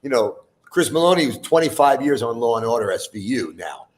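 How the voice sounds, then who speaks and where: A man's voice: mid-range voice, sing-song, brisk. A man in his fifties, a musician guest on a chat show, telling a long story in a loose, profane way, full of fillers.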